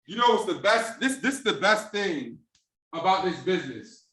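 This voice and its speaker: A high-pitched man with a bright, forceful voice gives a motivational sales training on a group call. He talks in street slang and breaks into acted-out conversations in different voices. He sits a little back from the mic in a roomy, echoing space. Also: very animated, moderate pace, far from the mic.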